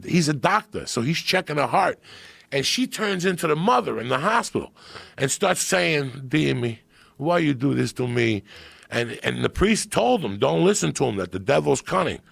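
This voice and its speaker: A man on a podcast, telling a story in a profane, animated way that swings from hushed and low to loud and excited. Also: gravelly, dry recording. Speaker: podcast guest.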